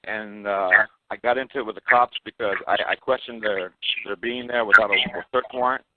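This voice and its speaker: A man calling in to a show, explaining his court case in a hesitant, halting way. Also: fairly low pitch, fairly even intonation. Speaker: caller. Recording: tinny phone line with loud noise.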